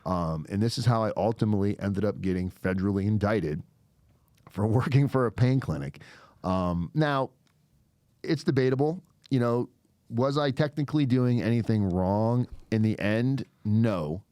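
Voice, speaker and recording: A man with a somewhat low voice recounts a personal story in casual, profane podcast talk. He is animated and jumps into the voices of the people in his story, and the sound is dry and close to the mic. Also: moderate pace, dry recording. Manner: animated, swears a lot, acts out quoted voices. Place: podcast studio.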